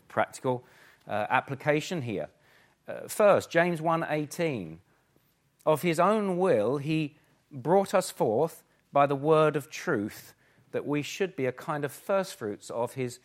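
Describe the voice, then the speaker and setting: A man preaching a sermon, emphatic, full of rhetorical questions, swinging between forceful and hushed. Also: mid-range voice. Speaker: pastor.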